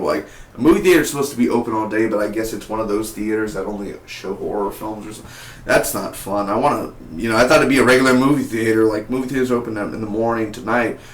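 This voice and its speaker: A young man chatting through a casual spoken TV review in a rambling, excitable way. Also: fairly low pitch, quick pace. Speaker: TV show reviewer. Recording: echoey room.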